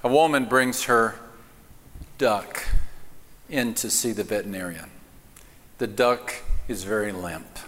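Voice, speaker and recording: A man preaching a sermon in a church, telling a joke with voices and then speaking slowly and emphatically. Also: fairly low pitch, fairly bright tone. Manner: acts out the joke's voices, slow emphatic preaching. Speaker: pastor. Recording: reverberant church hall.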